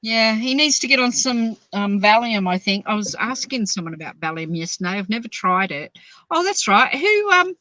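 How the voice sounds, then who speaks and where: A woman's voice: on the high side, normal speed, no room sound, low-quality recording. A woman, rambling through stories as a podcast host. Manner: rambling, animated storyteller. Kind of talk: casual chat.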